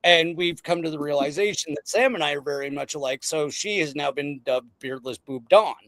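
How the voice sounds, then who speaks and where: A man hosting a casual podcast chat, excitable and rambling, often breaking into laughter. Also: a little high, a little fast, dry recording. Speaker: podcast host.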